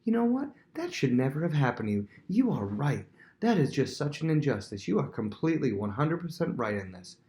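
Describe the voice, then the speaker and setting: A man voicing a sly young prince who flatters people with a smooth, ingratiating manner. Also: high voice, fast, few pauses, roomy sound, voice pushed up, exaggerated voice. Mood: flattering.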